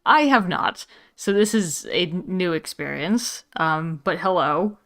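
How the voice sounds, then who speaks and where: A woman voicing a male chicken in human form, talking haltingly with many restarts as a first-time streamer, in an in-character livestream role-play. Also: on the low side, animated, a bit bright. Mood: awkward, chatty.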